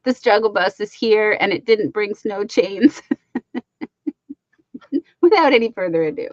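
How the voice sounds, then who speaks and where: A woman's voice: medium pitch, very animated, unhurried, pauses often, dry recording, lo-fi sound. A woman co-hosting a crochet livestream, talking in a chatty, rambling way with lots of fillers. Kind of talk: casual livestream chat.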